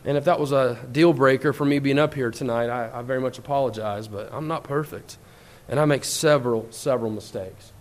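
A man delivers a church sermon with earnest emphasis, reading scripture in a slow, deliberate way. His pitch leaps upward whenever he voices the words of others.

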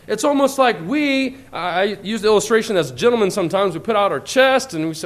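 A man preaching a church lesson, earnest and emphatic, reading scripture slowly and deliberately and jumping up in pitch when he voices other people's words. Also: big pitch swings. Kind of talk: sermon.

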